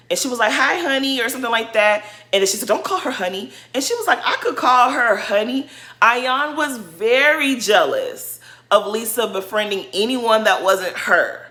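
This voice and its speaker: A woman's voice: medium pitch, sharp tone. A woman giving an emphatic, indignant commentary rant, hammering her points home by repeating them. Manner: acts out quotes in mocking voices. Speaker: reality TV commentary vlogger. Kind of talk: casual ranting commentary.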